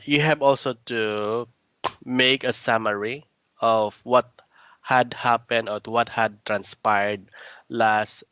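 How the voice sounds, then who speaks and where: A man teaching a one-on-one English lesson, patiently correcting his student's words and often clearing his throat. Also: medium pitch, fairly bright tone, no echo. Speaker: English tutor.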